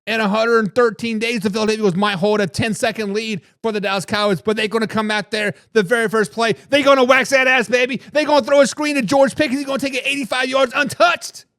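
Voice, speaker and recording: A man hosting a fan sports talk show, hyping his team, shouting catchphrases and answering viewer comments while drinking beer. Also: very high voice, steady tone, quick pace, few pauses, no echo, clean studio sound. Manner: hype, repeats catchphrases, says "baby". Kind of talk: hyped live sports talk.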